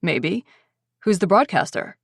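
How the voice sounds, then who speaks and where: Lady narrator doing a smug sleazy guy reporter, cocky and dismissive, a bit lower, dry sound. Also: very animated, a little slow, vocal fry, husky, dry recording, heavily acted.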